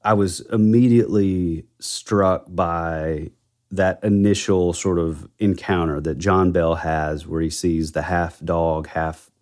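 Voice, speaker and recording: A man's voice: deep voice, steady tone, takes it slowly, a little mellow. A man co-hosting a podcast in casual chat, rambling and correcting himself as he tells a ghost legend. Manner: rambling, self-correcting storyteller. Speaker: podcast co-host.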